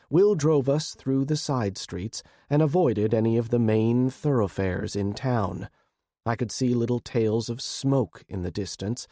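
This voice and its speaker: Male narrator, mellow dark tone, dry booth, steady first-person audiobook read. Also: on the low side, dry recording.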